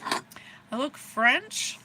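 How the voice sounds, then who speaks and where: A woman's voice: extremely slow, noisy background. An American woman giving a casual livestream psychic reading, bubbly and rambling, often giggling. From USA. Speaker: psychic reader.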